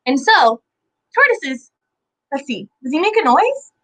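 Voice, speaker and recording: A young woman hosting a live kids' lesson with animals, bubbly and full of questions for viewers, her voice a little hoarse. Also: sits high, big pitch swings, unhurried, fairly bright tone, poor audio. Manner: bubbly, asks viewers questions, sing-song sound effects. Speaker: children's animal educator.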